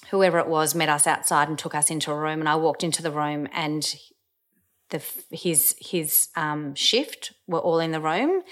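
Low-voiced woman recalling a painful memory. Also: fairly bright tone. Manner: hesitant, with frequent ums and restarts. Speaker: personal storyteller. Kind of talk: emotional first-person recollection.

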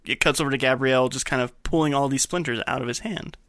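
Podcast co-host, casual chat, quick talker, dry close sound. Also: medium pitch, a bit bright, no room sound.

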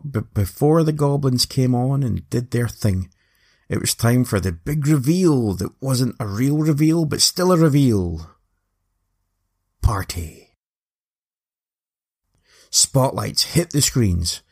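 A man's voice: medium pitch, expressive, measured pace, pauses often, darkish tone, breathy edge. A Scottish man narrating a story with wry, playful asides.

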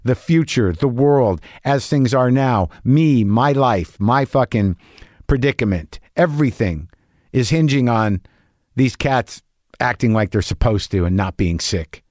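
A man's voice: medium pitch, expressive, a little slow, darkish tone, no room sound, clean studio sound. A middle-aged man hosting a podcast, talking in a profane, anxious, rambling casual monologue. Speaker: podcast host.

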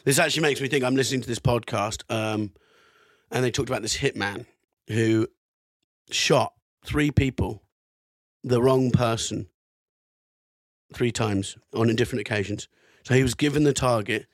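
A man's voice: mid-range voice, normal speed, pauses often, dry recording. Guy on a podcast reading out a weird old news story, swears a bit, dead dry sound. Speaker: podcast co-host. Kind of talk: casual chat, reading out history.

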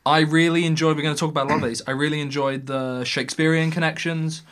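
A young man co-hosting a casual film chat, speaking in an earnest, measured way. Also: a little high, steady tone, a bit bright. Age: young adult. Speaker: co-host.

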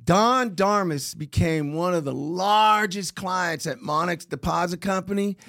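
A man's voice: high voice, unhurried. A middle-aged man telling his own story in a casual chat, acting out what people said. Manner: animated storyteller acting out quotes.

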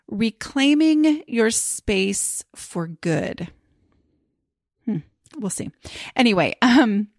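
Gravelly-voiced chatty woman podcast host. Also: medium pitch, no room sound, clean studio sound. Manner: rambling, chatty, many fillers and restarts. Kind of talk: casual chat.

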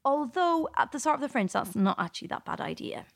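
A woman's voice: high voice, big pitch swings, fairly quick, gravelly. A woman comedian hosting a political podcast, delivering a scripted monologue with a wry, sardonic tone.

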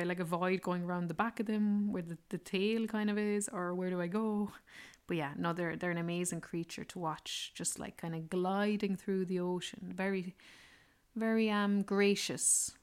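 A woman's voice: on the low side, clean tone. A woman telling a rambling, casual travel story, full of "like" and "yeah". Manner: chatty, rambling, fond of fillers like "like" and "yeah". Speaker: travel vlogger.

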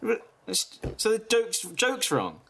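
A man bantering on a casual comedy show, his pitch bouncing up and down as he teases his co-host. He talks in a playful, sweary way and stays loose and chatty throughout. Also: huge pitch swings, slow, vocal fry, a crowd in the background.

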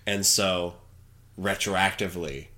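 A man's voice: low voice, steady tone, sharp tone. A man co-hosting a podcast, earnestly defending his view of a movie in casual chat, often restarting his sentences. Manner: insistent, earnest, halting with restarts. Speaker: podcast co-host.

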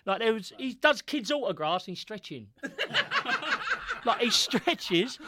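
A man's voice: sits high, big pitch swings, measured pace, heavy background noise. A man telling football stories in casual chat, laughing, swearing and acting out what people said. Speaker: guest storyteller, former footballer.

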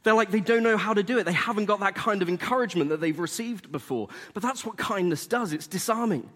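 A man's voice: high voice, quick pace, fairly bright tone, in a large hall. A young man giving a sermon as a chatty, self-deprecating story. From England.

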